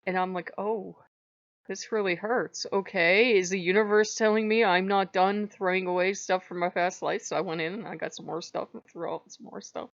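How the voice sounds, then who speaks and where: A woman's voice: medium pitch, fairly even intonation, normal speed, vocal fry, no echo. Raw teary woman vlogging, swears, laughs it off, muffled dry home mic. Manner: candid and emotional, swears freely, laughs through it. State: after crying. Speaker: channel host. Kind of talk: casual personal vlog.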